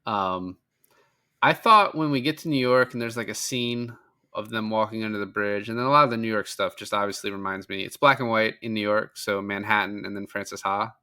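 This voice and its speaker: A man's voice: fairly low pitch, brisk, sharp tone, clear, resonant tone. A man co-hosting a film podcast, chatting casually and profanely as he retells scenes. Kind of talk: casual film review chat.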